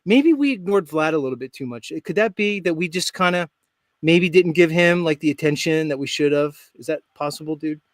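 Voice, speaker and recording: A man's voice: on the high side, lively intonation, a little fast, dry recording, clean studio sound. A man hosting a live stream show, talking in a brash, joking, rambling way. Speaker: host. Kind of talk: casual live stream chat.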